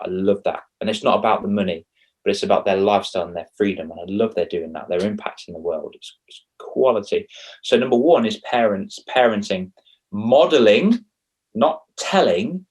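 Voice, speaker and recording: Brief: young man, low voice, animated coach, acts out dialogue. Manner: animated, acts out quoted dialogue with big pitch jumps. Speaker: confidence coach for kids. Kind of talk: casual podcast interview.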